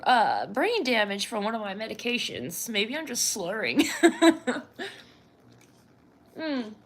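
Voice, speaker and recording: Speaking slowly but very animatedly in a slightly high voice, a woman chats with viewers on a livestream from home. This artist's speech is slightly slurred, rambling and self-deprecating, and she laughs frequently.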